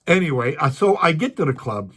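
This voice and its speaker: A man's voice: a little high, sing-song, fairly quick, sharp tone, breathy edge. An older male stand-up comedian telling rambling stories from his career with many restarts and asides. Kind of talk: storytelling.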